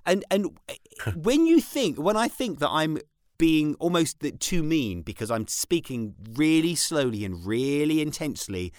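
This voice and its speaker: Man, British accent, casual chat, lively intonation, dry close mic. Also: a little high, a little slow, no room sound. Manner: animated, acts out his kids' voices in storytelling. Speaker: podcast co-host. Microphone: studio mic in vocal booth.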